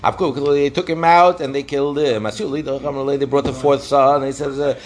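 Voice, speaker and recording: A man's voice: mid-range voice, fairly even intonation, unhurried. Guy giving a talmud class, fired up, storytelling, throws in hebrew bits. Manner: passionate, retells the story vividly with Hebrew phrases. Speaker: Talmud teacher. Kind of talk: daf lesson.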